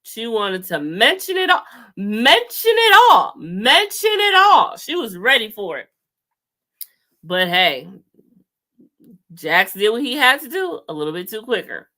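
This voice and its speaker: A young woman giving a casual, sassy TV episode recap, storytelling with sudden loud outbursts. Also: medium pitch, big pitch swings, unhurried, long pauses. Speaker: recap host.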